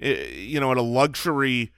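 A man's voice: mid-range voice, big pitch swings, moderate pace, vocal fry, a bit bright, clean tone, no room sound, studio quality. A man co-hosting a casual chat show, rambling and self-deprecating with a joking edge. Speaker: podcast co-host.

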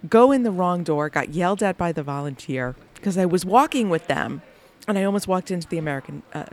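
A woman hosting a podcast, telling a lively anecdote about her day, laughing often and acting out the people she quotes. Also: lowish voice, brisk. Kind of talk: animated anecdotal storytelling.

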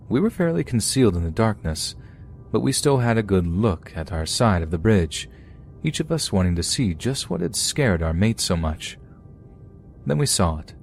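Deep-voiced man narrating horror stories. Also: darkish tone, a little hiss or hum. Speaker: podcast host reading listener stories. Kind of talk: scripted horror story narration.

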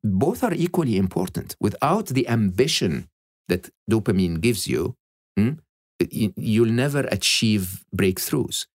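Man, podcast guest, low pitch, very lively intonation, emphatic, dry recording. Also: no echo. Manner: animated, emphatic, tags lines with "okay?" and "hmm?". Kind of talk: reflective interview talk.

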